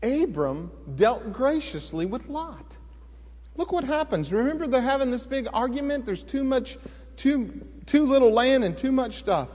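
Middle-aged male pastor, high-pitched, folksy storyteller in the pulpit, reverberant church hall. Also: animated, normal speed, darkish tone. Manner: folksy, conversational storytelling with sudden emphatic rises. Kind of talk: sermon with personal storytelling.

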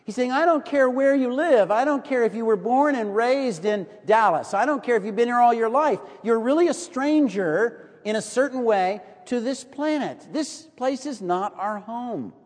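A middle-aged American preacher delivers his sermon as a lively storyteller, now and then sinking to a near-hush to drive a point home. His voice sits high for a man, and it rings out with the long reverb of a big hall. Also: moderate pace, few pauses. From United States. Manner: storytelling, animated, drops to a hush for emphasis.

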